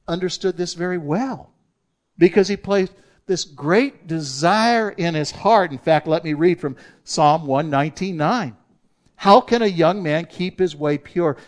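A male pastor preaching a sermon, earnest and emphatic, slowing down to read scripture aloud. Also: fairly high pitch.

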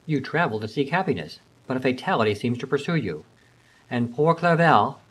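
A man voicing a grieving elderly father who speaks with hushed sorrow in an audiobook reading. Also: medium pitch, animated, brisk, slightly rough. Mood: mournful. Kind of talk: audiobook character voice.

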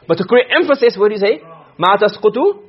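A male teacher gives a grammar lesson, firing quick questions at his students. His voice sits high and comes out husky, and he talks at a brisk clip. The recording sounds muffled and lo-fi. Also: animated. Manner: quizzing students with frequent questions. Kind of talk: classroom lesson on Arabic grammar.

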